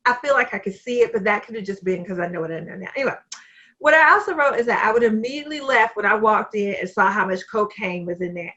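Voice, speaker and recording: A woman's voice: medium pitch, animated, fast, bright, forceful tone, dull audio. A woman co-hosting a podcast, chatting casually about a movie and laughing easily over a video call. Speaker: podcast co-host. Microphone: home computer mic on a video call.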